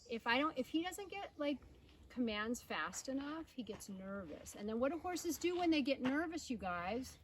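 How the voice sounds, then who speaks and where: A woman horse trainer teaching riding outdoors, coaxing her horse with soft baby talk and explaining to viewers. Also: sits high, expressive, normal speed, a little hiss or hum. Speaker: holistic veterinarian and horse trainer. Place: outdoors at a rural horse farm. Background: birds and outdoor ambience.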